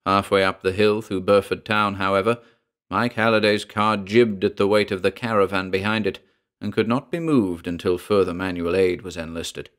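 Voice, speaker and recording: Guy reading a horror story, lowish voice, slow and dramatic. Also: fairly even intonation, fairly bright tone. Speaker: narrator. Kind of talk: scripted horror narration.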